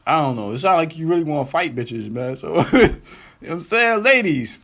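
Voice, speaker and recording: A man hosting his own web talk show, ranting in an animated, incredulous, slangy and profane way. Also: a little high, moderate pace. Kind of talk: casual solo commentary rant.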